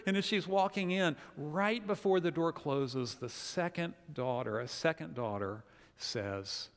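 Animated storytelling pastor in a reverberant hall. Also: male voice, on the high side, unhurried. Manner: animated storyteller, acts out quotes. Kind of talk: sermon with storytelling.

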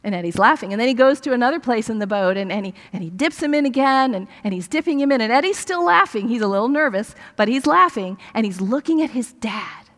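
An older woman, a grandmother, preaching a sermon through a family story, animated and acting out the dialogue. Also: on the high side, fast talker, few pauses, in a large hall.

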